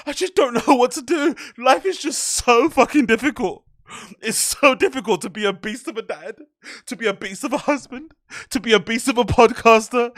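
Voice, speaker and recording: A man mocking a whiny rich crybaby podcaster. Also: extremely high pitch. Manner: soft, simpering, mock crying. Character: whiny self-pitying rich male podcaster, mock-tearful.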